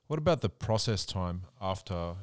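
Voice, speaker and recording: A man's voice: sits low, animated, normal speed, a little mellow. A man hosting a casual podcast interview, laughing easily and swearing casually. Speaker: podcast host.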